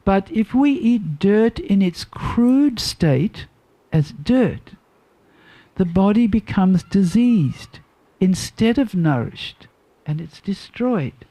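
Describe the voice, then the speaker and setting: A worried mother scolds her little son, slow and earnest, each word given weight. An older woman voices her in a storytelling class, with a mellow, unhurried tone. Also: mid-range voice, animated. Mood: admonishing.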